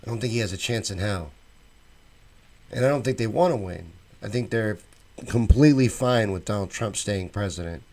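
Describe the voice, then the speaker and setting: A man's voice: lowish voice, lively intonation, moderate pace. Chatty man reading out chat comments. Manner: chatty, reads viewer comments aloud and reacts with opinions. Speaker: show host reading live chat. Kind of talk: casual live-stream chat.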